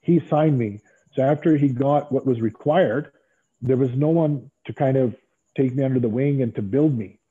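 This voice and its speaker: Husky man telling stories over a phone line. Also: mid-range voice, moderate pace. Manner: animated storyteller acting out quoted dialogue. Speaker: interview guest, former pro wrestler. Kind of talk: storytelling in a long interview.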